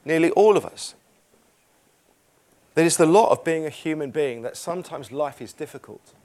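A man's voice: fairly high pitch, animated, normal speed, a little mellow. A man preaching a sermon in church, earnest and emphatic, repeating phrases and reading scripture aloud.

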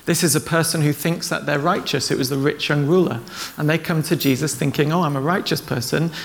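A man's voice: fairly high pitch, creaky, a little hiss or hum. A man preaching a sermon, retelling stories in a conversational way and acting out the quoted lines.

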